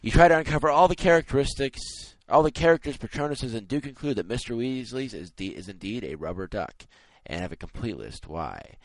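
Young male podcast co-host, very lively pitch, dry close sound, jokey list reading. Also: fairly quick, few pauses, dry recording, rough recording. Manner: lively, laughs through his lines. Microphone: internet call.

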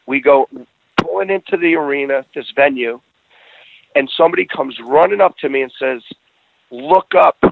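A man's voice: medium pitch, moderate pace, gravelly, long pauses, phone-quality sound. A middle-aged man telling a personal story in casual conversation, earnest, often restarting his phrases.

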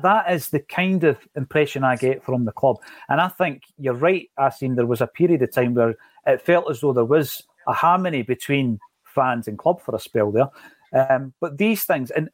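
A man's voice: mid-range voice, no echo. A man hosting a casual football podcast, talking in an emphatic, rhetorical way. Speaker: podcast host.

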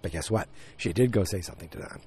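A man's voice: low-pitched, fast talker, warm tone, breathy edge. A man casually recapping a TV episode, blunt and chatty, recorded on a handheld recorder outdoors beside woods. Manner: blunt, chatty, many fillers and restarts. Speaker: podcast host recapping a TV episode. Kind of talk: casual chat. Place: outdoors beside woods near his house.

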